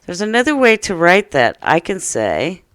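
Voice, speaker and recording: A woman teaching a first-grade lesson, speaking slowly and playfully to young children. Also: lowish voice, sing-song, no room sound, clean studio sound.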